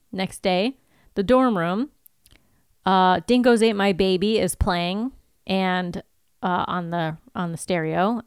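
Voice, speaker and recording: A woman's voice: medium pitch, clean tone, no room sound, clean studio sound. A woman co-hosting a podcast, recapping an episode in a chatty, giggly way. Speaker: podcast co-host.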